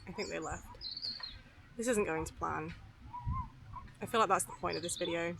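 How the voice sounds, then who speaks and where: A young woman talking candidly to camera outdoors by a river, soft and unhurried with lots of fillers and restarts. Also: on the low side, vocal fry, noisy background. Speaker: vlogger. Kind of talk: candid rambling talk to camera. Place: outdoors beside a river on a footpath.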